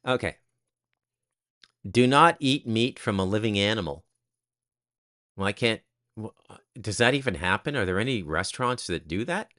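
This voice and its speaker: A man's voice: lowish voice, expressive, moderate pace, pauses often, fairly bright tone. Blunt, crude male commentator. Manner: blunt, crude and sarcastic, with frequent "okay?" asides. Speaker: host. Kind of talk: casual commentary monologue.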